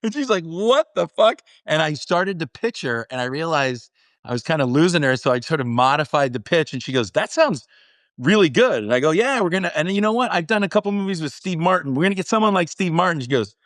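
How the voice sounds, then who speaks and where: A man hosting an interview, telling a story excitedly and laughing as he talks. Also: a little high, quick pace, no room sound, clean studio sound. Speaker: podcast host. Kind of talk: casual interview chat.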